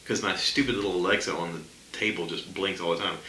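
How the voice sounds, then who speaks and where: A very low, deep-voiced man chatting loosely on his solo podcast, circling back and stacking "um"s as he goes. His tone is strikingly bright and forceful despite the low pitch. The room around him is echoey, with a faint hiss of ambience. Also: fairly quick. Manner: rambling, chatty, many fillers. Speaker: podcast host. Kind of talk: casual solo podcast chat.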